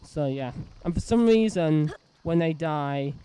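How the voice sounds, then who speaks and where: A man's voice: on the high side, expressive, unhurried, mellow, clear, resonant tone. A man giving casual, rambling gameplay commentary full of fillers. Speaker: let's play host.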